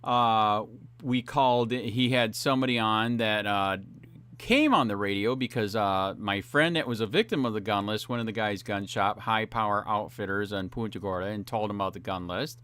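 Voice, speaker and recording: Rambling man, bright tense voice. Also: on the low side, normal speed, clear, resonant tone. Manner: rambling, full of fillers and profanity. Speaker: citizen police watchdog channel host. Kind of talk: ranting video commentary.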